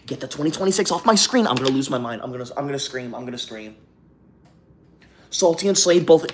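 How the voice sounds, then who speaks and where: A man's voice: mid-range voice, animated, quick pace, a little hiss or hum. A young man hosting a livestream from a hotel room, reading super chats aloud and breaking into melodramatic, indignant outbursts. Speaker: livestream host.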